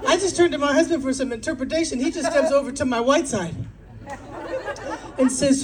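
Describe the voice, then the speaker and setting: A woman performing an animated stand-up set on a club stage, acting out little quoted voices. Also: sits high, fast, background noise. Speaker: stand-up comedian. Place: comedy club stage with laughing crowd. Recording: loud crowd laughter.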